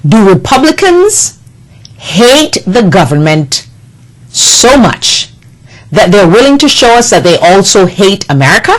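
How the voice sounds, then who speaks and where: A woman's voice: medium pitch, very animated, measured pace, poor audio. A woman delivering an impassioned political monologue, indignant and scolding, with emphatic repetition. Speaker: political commentator.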